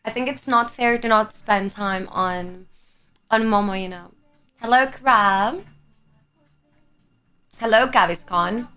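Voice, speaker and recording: A young Greek woman, Greek her first language, talking to her viewers in loose, chatty English on a livestream. Her pitch sits in an ordinary middle range, and she laughs easily and drops the odd swear word. Soft music plays faintly behind her. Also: slow, long pauses, smooth. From Greece. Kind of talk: casual chat with live chat.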